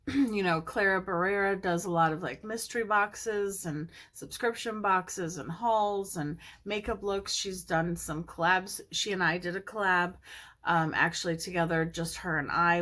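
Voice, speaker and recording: A woman's voice: fairly low pitch, a bit bright. A woman hosting her own beauty channel, chatting casually and gushing enthusiastically about her friends and a makeup collaboration. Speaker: beauty YouTuber. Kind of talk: casual makeup vlog chat.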